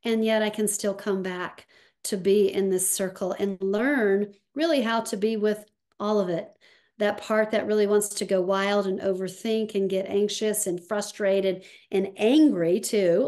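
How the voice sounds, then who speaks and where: Slow, reflective woman in conversation. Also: medium pitch, steady tone. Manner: slow, reflective, with soft pauses. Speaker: guest, somatics practitioner. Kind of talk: conversational interview.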